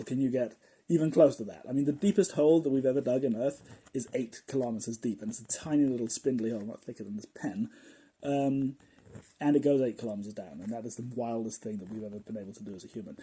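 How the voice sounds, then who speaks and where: A man hosting a casual explanatory podcast, telling his points in a playful, jokey, animated way. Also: medium pitch, slightly rough. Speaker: podcast host.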